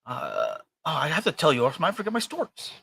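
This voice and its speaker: Bright-voiced rambling American man. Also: a little high, wildly swooping pitch, a little fast, vocal fry, breathy edge. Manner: rambling, hesitant, many fillers and restarts. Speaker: podcast co-host. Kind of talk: casual chat.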